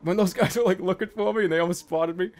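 A young man commentating a stealth game he is playing, jittery and excitable, with nervous laughs and yelps. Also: high-pitched, fast. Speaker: gaming video host. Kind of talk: let's play commentary.

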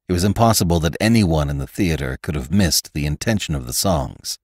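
A man reading a classic novel aloud as narrator of a storytelling podcast, with a measured, expressive delivery. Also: a bass voice, dry recording, clean studio sound. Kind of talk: audiobook narration.

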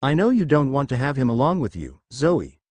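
A man voicing a calm, confident young man who speaks firmly and seriously. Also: medium pitch, brisk, no room sound. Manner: calm and firm.

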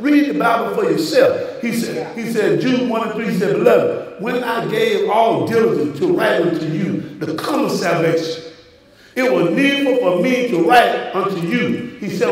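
Preacher, high-pitched man, recorded from afar in a reverberant sanctuary. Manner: preaching with rising bursts, addressing the congregation directly. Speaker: pastor. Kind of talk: sermon. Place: church sanctuary. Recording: echoey church from a distant mic.

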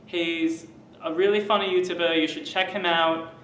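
A young man putting on a muddled fake British-Australian accent, listing facts about himself with many ums and pauses in an echoey room. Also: on the high side, little pitch movement, fairly bright tone, distant mic, slight background noise, close to an everyday voice. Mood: boastful. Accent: fake British-Australian mix.

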